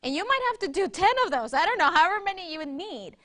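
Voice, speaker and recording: Her voice is very high and sharp, with lively intonation, and she talks fast. Leading a workshop, she takes listeners through a breathing exercise in a conversational teaching style, often asking "right?" to check in.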